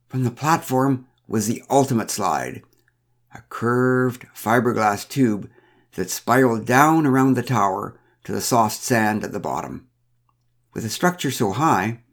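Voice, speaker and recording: A man reading a first-person story aloud with a wry, dryly humorous manner. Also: medium pitch. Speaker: narrator.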